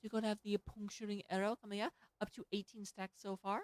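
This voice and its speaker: A woman with a Southern US accent casting an esports match, rattling off stats and filling pauses. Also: medium pitch, flat delivery, dry recording. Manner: rapid, filling dead air with stats. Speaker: esports caster. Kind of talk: play-by-play esports commentary.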